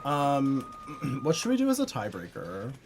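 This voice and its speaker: A woman streamer giving chatty, expressive live commentary while she plays, full of quick reactions and playful complaints. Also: a bass voice, over music.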